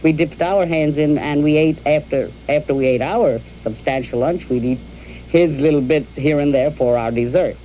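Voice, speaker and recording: An older woman from New York telling the story of her youth and marriage to her husband, in a halting storytelling way with repeated words and fillers. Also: low voice, warm tone, a little hiss or hum, poor audio. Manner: addresses her husband directly. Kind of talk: reminiscing in an archival interview.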